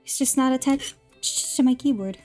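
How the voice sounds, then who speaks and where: A woman's voice: high voice, moderate pace, mellow, faint music behind. A young woman streaming a video game, chatting casually with her viewers, exasperated and swearing freely while she has the hiccups. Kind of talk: casual live-stream chat while gaming.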